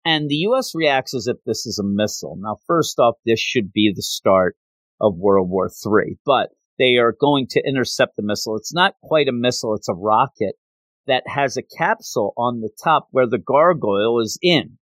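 A chatty male reviewer casually walks through a comic book plot. He is animated and acts out the scenes in a mid-pitched voice, and the sound is dry and close. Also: moderate pace, no room sound. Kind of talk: casual retelling.

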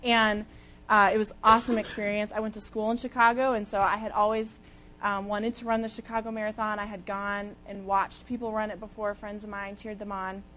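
A young woman giving a sermon as a lively, chatty personal story, with casual fillers and easy laughs. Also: mid-range voice, fairly quick, slight background noise. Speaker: speaker at a church talk.

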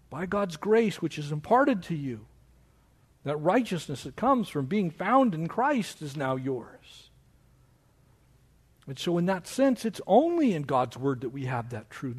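A man preaching a sermon as pastor of his church, with animated delivery that mocks objections in a raised voice. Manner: animated preaching, mocking quoted objections in a higher voice.

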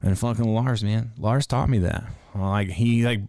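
Very deep-voiced laid-back swearing man. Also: unhurried, mellow, dry recording, clean studio sound. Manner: rambling, profane, laid-back storytelling. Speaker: podcast host. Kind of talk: casual livestream podcast monologue.

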